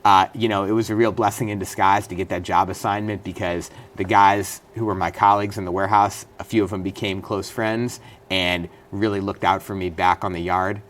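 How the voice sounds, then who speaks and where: A middle-aged man speaks as an interview guest in a very deep voice. He tells his story earnestly and in detail, now and then restarting a phrase. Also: level tone, brisk, few pauses, fairly bright tone. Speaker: interview guest, former state senator and prisoner. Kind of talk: studio interview.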